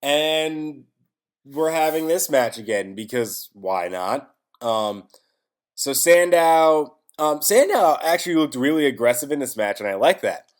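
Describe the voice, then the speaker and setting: A man's voice: fairly high pitch, expressive, measured pace. A man giving a casual solo recap of a wrestling show, rambling with restarts and self-corrections, wry and exasperated, with casual swearing.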